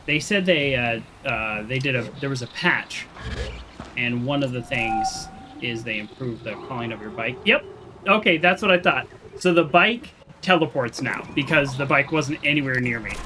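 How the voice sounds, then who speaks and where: A man's voice: medium pitch, lively intonation, normal speed, sharp tone, a little hiss or hum. A man casually commenting while playing a video game, chatty and self-deprecating, thinking aloud with fillers and restarts. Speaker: gaming streamer. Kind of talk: casual let's-play commentary.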